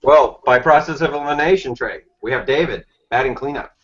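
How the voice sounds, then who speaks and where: A man's voice: medium pitch, brisk, fairly bright tone. A man co-hosting a web show with playful, teasing banter over a video call. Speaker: co-host. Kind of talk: joking banter. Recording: dull video-call audio.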